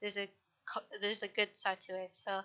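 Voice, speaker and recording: A woman's voice: mid-range voice, completely flat delivery, moderate pace, pushed and bright, smooth. A woman talking casually on a livestream, rambling and correcting herself as she reads her old writing aloud. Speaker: streamer. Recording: dull lo-fi stream audio.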